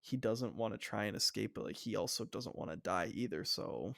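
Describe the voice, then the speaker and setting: Gravelly, enthusiastic young podcast co-host man. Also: fairly low pitch, lively intonation, brisk, fairly bright tone, no room sound, clean studio sound. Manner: enthusiastic, rambling, frequent "like" fillers. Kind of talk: casual fan discussion.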